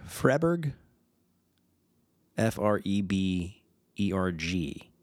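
Slow, lively-voiced man reading film facts. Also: deep voice, no room sound, clean studio sound. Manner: reads fun facts aloud, stumbles over names and chuckles. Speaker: podcast host. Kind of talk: casual film retrospective reading.

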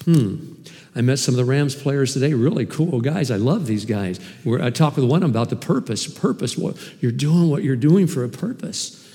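A man preaching a sermon as pastor, animated and emphatic, with sudden swings in loudness. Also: mid-range voice, moderate pace, long reverb tail. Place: church hall.

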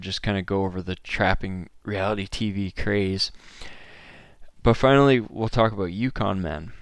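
A man's voice: fairly low pitch, clean tone, no echo, clean studio sound. A man from Maine hosting a podcast, talking in a casual, enthusiastic, conversational monologue. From Maine, USA. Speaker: podcast host.

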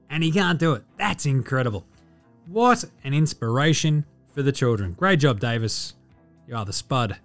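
Sweary Australian man, lively sarcastic banter. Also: high-pitched. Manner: swears a lot, sarcastic and animated. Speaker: podcast host. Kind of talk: casual sports chat.

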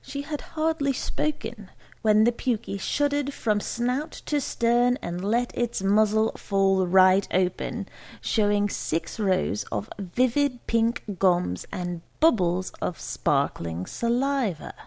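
A woman's voice: medium pitch, slow, creaky, a little mellow. A woman reading a comic story aloud as narrator, in a dry, wry manner.

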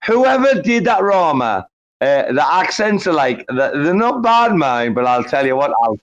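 Higher-voiced male banterer, profane and teasing, on muffled online audio. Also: sing-song, normal speed. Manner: profane, teasing, repeats names and "mate", "bro", "son". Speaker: speaker in a live audio chat room. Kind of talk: casual banter.

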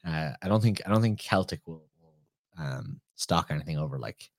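A man's voice: very deep voice, expressive, normal speed, dry recording, studio quality. An Irish man hosting a podcast, chatting casually and telling rambling anecdotes. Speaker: podcast host. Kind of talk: casual conversational chat.

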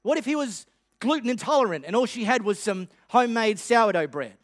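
High-voiced, playful male preacher. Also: lively intonation, fairly quick, no echo, clean studio sound. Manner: humorous, playful storytelling. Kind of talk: sermon.

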